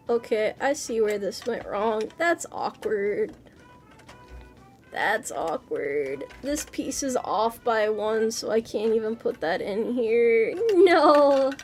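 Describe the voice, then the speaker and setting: High-voiced woman streamer, swearing and chatty. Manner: swears often, chatty and playful; muttering and exclaiming while building a model. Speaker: VTuber streamer. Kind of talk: casual livestream chat answering chat. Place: home streaming setup at a PC.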